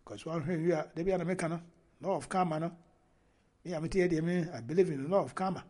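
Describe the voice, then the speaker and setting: Ghanaian male commentator, higher voice, mellow tone, mixes Twi and English. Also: fast talker. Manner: mixes Twi and English, reads a news report aloud between remarks. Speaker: online commentator. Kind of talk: casual video commentary.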